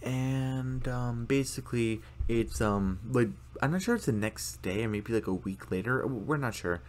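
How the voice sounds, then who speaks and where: A man's voice: medium pitch, moderate pace. A man chatting casually through a recap of a cartoon episode, rambling with lots of fillers. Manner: rambling, many fillers, acts out characters' lines. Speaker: video commentator.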